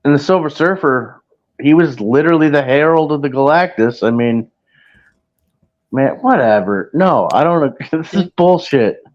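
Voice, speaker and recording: Male co-host, animated but halting delivery, dull lo-fi remote audio. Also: a little high. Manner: halting, trails off mid-sentence. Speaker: podcast co-host. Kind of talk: casual chat.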